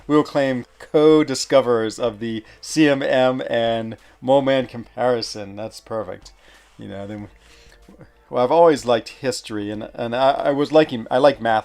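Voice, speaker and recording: A man's voice: medium pitch, a little mellow. Rambling male game streamer. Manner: rambling, many fillers and searches for words. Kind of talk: casual live-stream chat.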